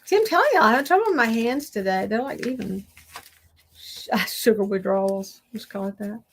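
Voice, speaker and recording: A woman's voice: mid-range voice, normal speed. A woman chatting to her viewers while she crafts, talking to herself and laughing often. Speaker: crafting vlogger. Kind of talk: casual crafting chat to viewers.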